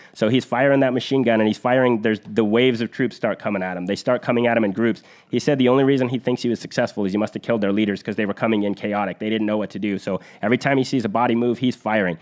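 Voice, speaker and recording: Host type, male, lowish voice, earnest storyteller, retells combat events vividly, talks it through with restarts. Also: a little mellow. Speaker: podcast host. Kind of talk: conversational war storytelling.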